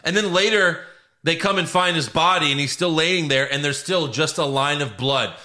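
A man co-hosting a casual movie-review podcast, talking in an animated way and acting out scenes in quick quotes. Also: on the high side. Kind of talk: casual chat.

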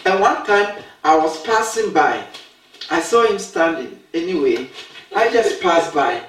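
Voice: mid-range voice, expressive, unhurried, a bit bright. A preacher giving an emphatic talk, asking questions and repeating key phrases, recorded from a distance in a roomy space. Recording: roomy sound from a distant mic.

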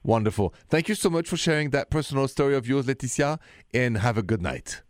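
A man's voice: medium pitch, lively intonation, brisk, no echo, clean studio sound. A man, hosting a late-night radio call-in show and confiding about his own dating life. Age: 50s. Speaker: radio host.

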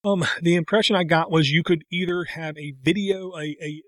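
Middle-aged guy rambling on a podcast, kinda high voice, dead dry sound. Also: fairly even intonation, moderate pace, fairly bright tone, dry recording. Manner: rambling, self-interrupting, tangents. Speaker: podcast co-host. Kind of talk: casual chat.

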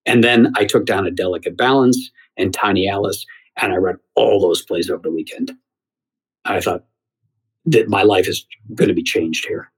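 A middle-aged man with a slightly low, husky voice recounts a story in an interview. He talks in a lively way, often stopping to restart a sentence. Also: normal speed, poor audio. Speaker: theater columnist and former talk show host. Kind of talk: anecdotal interview answer.

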